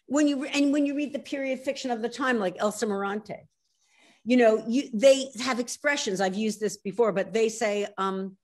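Animated Philadelphia-accented woman author. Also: a little high. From South Philadelphia. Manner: animated, emphatic, quick to laugh at herself. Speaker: author guest. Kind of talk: casual interview chat.

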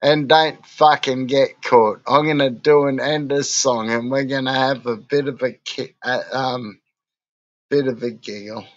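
A man's voice: medium pitch, steady tone, unhurried, highs cut off. A drunk man with an Australian accent, rambling and ranting in a crude, swearing monologue for his vlog. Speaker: vlogger.

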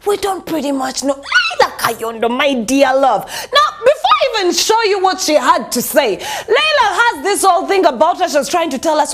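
A woman's voice: extremely high pitch, huge pitch swings, normal speed, fairly bright tone, slight background noise. A Ugandan woman hosting a celebrity gossip show, sassy and mocking, laughing through her commentary.

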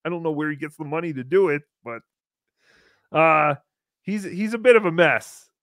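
A man hosting a podcast in a fairly high voice, recorded dry and close. He talks casually and runs a wry, sarcastic play-by-play, tossing in mock disclaimers. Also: animated, normal speed, a bit bright, no room sound. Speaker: podcast host. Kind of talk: casual chat commentary.

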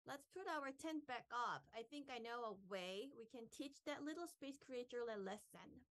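A woman's voice: a little high, expressive, moderate pace, a bit bright. A woman reading aloud, voicing a good-natured young boy, a big brother, in a storybook. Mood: easygoing.

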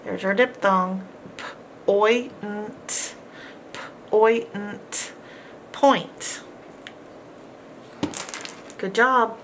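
A woman's voice: mid-range voice, steady tone, a bit bright, slight background noise. A woman teaching a phonics lesson, patiently sounding out each word and repeating it with encouragement. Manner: sounds out words slowly, repeating each one. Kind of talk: slow, deliberate phonics lesson.

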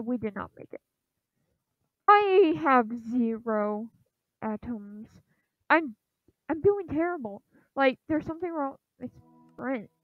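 Hesitant and apologetic, a woman who runs a gaming channel narrates her play casually, leaning on fillers and shouting rapid repeated encouragement at the game. Her voice is high, and the tinny, phone-like lo-fi recording has no room sound.

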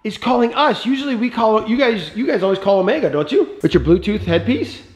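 A man hosting a family toy vlog, talking playfully and excitedly with his kids. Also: high voice, fairly quick. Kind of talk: casual family vlog chat. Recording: music bed under voice.

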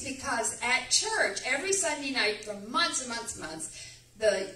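A woman's voice: high-pitched, lively intonation, a little slow, pushed and bright. A woman giving a rambling, emphatic testimony in church. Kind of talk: animated testimony storytelling. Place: church sanctuary. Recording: echoey church room, distant mic.

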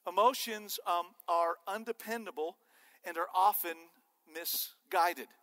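A male preacher delivers an animated sermon, cracking jokes as he teaches. His voice sits high and sounds bright and forceful. The sound rings with the long reverb of a church hall. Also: unhurried. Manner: animated and joking. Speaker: pastor. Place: church sanctuary.

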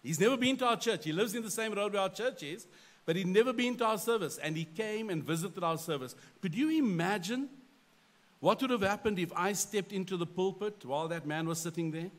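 A middle-aged man, a pastor, telling a story from his own life in a sermon with animated, self-deprecating storytelling. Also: sits high, fairly quick.

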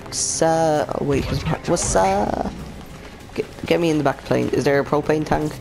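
A man with a gaming channel commentating live over a shooter match, excitable and swearing as he reacts. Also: fairly high pitch, unhurried, creaky, music in the background. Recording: game gunfire under the voice. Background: gunfire and explosions from the game.

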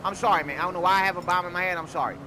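A man doing comedic game commentary, loud and theatrical, swinging between mock grief and yelling. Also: high voice, racing. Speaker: gaming YouTuber. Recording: background noise under the voice.

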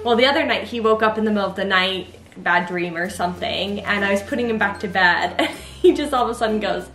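A young woman and mother chatting casually to camera about her son, fond and quick to laugh. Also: mid-range voice, fairly bright tone. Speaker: mother and vlogger. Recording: echoey room with faint music.

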